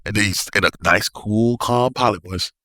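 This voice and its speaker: A man, a navy officer, telling a story as a podcast guest in an animated, excitable way with bursts of laughter. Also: lowish voice, moderate pace, no room sound. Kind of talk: casual storytelling.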